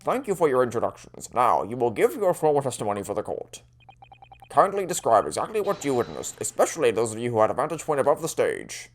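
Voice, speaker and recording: A man voicing a formal, measured male judge in a video game. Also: medium pitch, big pitch swings, close to an everyday voice. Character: stately old male court judge.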